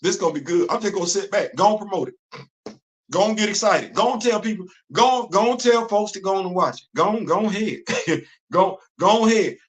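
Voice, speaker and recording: Animated high-voiced man ranting. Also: brisk. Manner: animated, repetitive, laughing often, heavy slang. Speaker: host. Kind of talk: casual livestream commentary.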